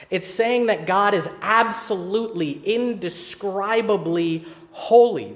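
Male pastor, higher voice, emphatic teaching sermon with rhetorical questions.

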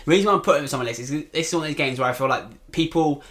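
A man co-hosting a casual board game chat, quick and rambling, often restarting his sentences. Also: fairly high pitch, a bit bright. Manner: quick, rambling, self-correcting. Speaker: board game podcast co-host.

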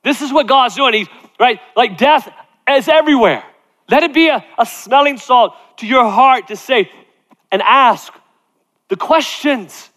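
A man's voice: extremely high pitch, measured pace, fairly bright tone. A middle-aged male pastor preaching emphatically, repeating phrases and tossing in "right?" asides. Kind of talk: sermon. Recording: long hall reverb.

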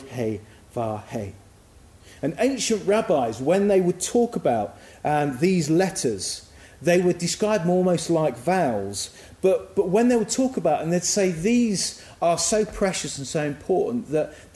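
Guy giving a sermon, warm mellow voice, thinking out loud, echoey room. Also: on the high side. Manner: reflective, musing, conversational. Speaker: preacher.

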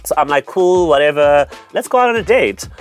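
A young man co-hosting a podcast, telling a dating story in a teasing, animated way. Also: fairly high pitch, brisk, soft background music. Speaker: podcast co-host. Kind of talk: casual chat, storytelling.

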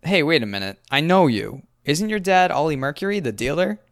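A man's voice: fairly high pitch, lively intonation, brisk, no room sound, clean studio sound, voice pushed up. A man voicing a brash, crude adult male inmate with a New England accent. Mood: curious. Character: tall red-faced male inmate, brash.

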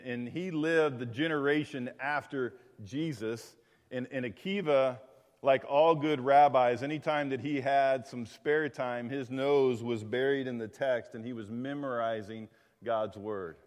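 A man preaching a sermon as a pastor, talking conversationally with frequent restarts and asides, recorded in a church sanctuary. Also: mid-range voice. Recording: long reverb of a large hall.

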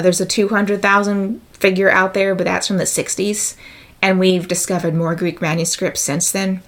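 A woman giving a methodical explanatory talk, working through examples and figures step by step. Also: fairly low pitch. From United States.

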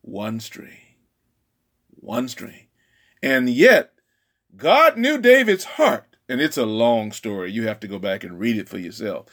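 Male preacher, lively storytelling delivery, voices each character, wide swinging pitch. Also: measured pace. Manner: animated, acts out dialogue in character voices. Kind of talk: sermon storytelling.

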